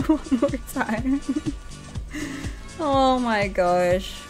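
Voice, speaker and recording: A young woman from New Zealand plays a game on a live stream, speaking very slowly in a slightly high, animated, a little mellow voice over faint music. She reads the game's dialogue aloud in a playful voice, giggles and laughs often, and chats with her viewers.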